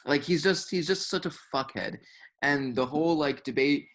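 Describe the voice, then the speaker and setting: A man's voice: on the high side, moderate pace, a bit bright. A young man co-hosting a podcast in casual chat, rambling with lots of filler words and swearing. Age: young adult. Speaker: podcast co-host.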